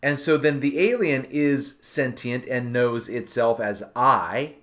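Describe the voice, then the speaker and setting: A man's voice: medium pitch, slow pace, a bit bright. A man hosting a casual online talk show, rambling and thinking aloud with many restarts. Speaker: podcast host. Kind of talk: casual chat.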